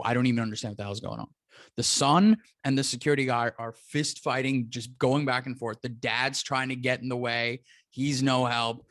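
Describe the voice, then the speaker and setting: A man's voice: medium pitch, fairly bright tone, no room sound, clean studio sound. A man telling a story in a casual podcast chat, acting out the people he quotes. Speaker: comedian guest.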